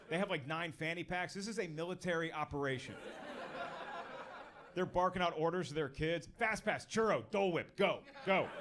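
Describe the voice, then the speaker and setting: A man doing a stand-up comedy set on a club stage, talking in a punchy, conversational way and working the crowd. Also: high voice. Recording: noisy live club recording.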